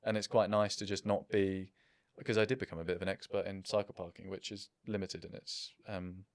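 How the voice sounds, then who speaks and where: A man's voice: sits low, flat delivery, a little fast, no room sound, clean studio sound. A man in his thirties, a business founder, talking in a casual interview in a reflective, self-deprecating way.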